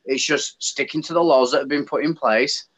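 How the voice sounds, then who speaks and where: With a medium-pitched, somewhat breathy voice at a moderate pace, a man from the UK with an English accent chats casually as a guest. His manner is animated as he rants with feeling, and the recording sounds dull and lo-fi.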